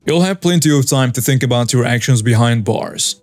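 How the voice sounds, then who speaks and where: A man reading the lines of a police commander and father, speaking calmly and firmly. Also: mid-range voice, fairly quick, pitched below the performer's own voice, lightly acted. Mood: stern. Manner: calm, firm, unwavering.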